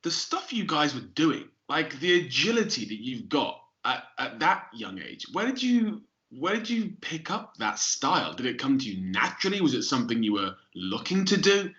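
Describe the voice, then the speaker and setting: A man's voice: mid-range voice, big pitch swings, normal speed, hardly any pauses, bright, forceful tone. A male interviewer asking conversational questions and leading his guest into stories. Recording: dull lo-fi recording.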